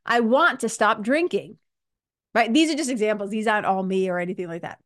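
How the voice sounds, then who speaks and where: Animated woman hosting a self-help talk. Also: fairly high pitch, normal speed. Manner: animated, laughs often, restarts sentences. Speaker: podcast host.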